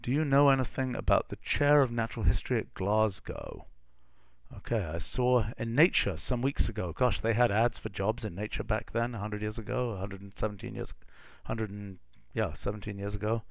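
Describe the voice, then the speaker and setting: A middle-aged man with a low, gravelly voice reads old letters aloud on a live stream. He stumbles through the handwriting and breaks off into thinking-aloud asides. The sound is close and dry. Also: moderate pace, no echo, highs cut off. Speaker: live-stream host reading archival letters. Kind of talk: casual think-aloud reading.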